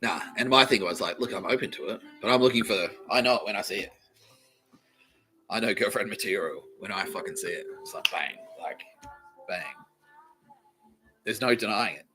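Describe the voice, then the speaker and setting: A man's voice: fairly low pitch, normal speed, long pauses, sharp tone, faint music behind, poor audio. A man, hosting a podcast and telling a rambling, sweary comedic story while laughing at his own jokes. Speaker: podcast host.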